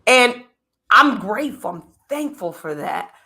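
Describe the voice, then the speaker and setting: A woman hosting a podcast in casual chat, animated and joking, acting out the voices she quotes. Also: medium pitch, unhurried. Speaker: podcast host.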